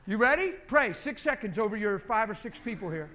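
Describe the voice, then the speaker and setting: A man's voice: sits high, lively intonation, measured pace, pushed and bright. A middle-aged male pastor preaching and leading a congregation in prayer, conversational and exhorting, repeating short commands. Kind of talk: sermon leading group prayer.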